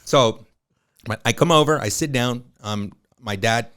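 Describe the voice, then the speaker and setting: Guy in his 50s spinning lively stories about his life, chatty podcast guest, mid pitch. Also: a little slow, clean tone. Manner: lively anecdotal storyteller, colloquial, with frequent fillers. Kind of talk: storytelling in a podcast interview.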